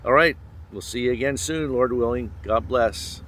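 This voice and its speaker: A man hosting an informal outdoor devotional talk, gentle and folksy, recorded on a handheld phone. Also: mid-range voice, a little hiss or hum. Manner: gentle, folksy, with pauses and small laughs. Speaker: devotional host. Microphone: handheld phone camera.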